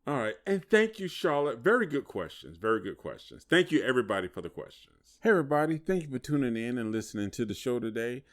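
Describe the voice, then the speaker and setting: A man's voice: medium pitch, expressive, fast talker, hardly any pauses. A man co-hosting a podcast in casual chat, with a dry understated humor. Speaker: podcast co-host.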